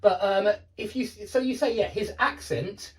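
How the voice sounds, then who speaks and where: A man teaching English vocabulary in a relaxed, explanatory way, repeating and rephrasing each point with small fillers. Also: high voice, normal speed. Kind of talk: casual explanatory vocabulary lesson.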